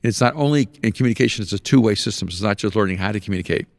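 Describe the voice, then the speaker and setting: A man's voice: lowish voice, very fast, dry recording. A man hosting a podcast in casual conversation, telling stories with animation and laughing often at his own anecdotes. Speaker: podcast host.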